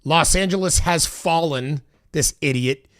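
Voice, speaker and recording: A man's voice: on the high side, measured pace, a bit bright, no room sound, studio quality. A man giving casual, heated political commentary as he reacts to video clips, swearing and arguing with his viewers. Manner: exasperated, heated, swears often. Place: Los Angeles.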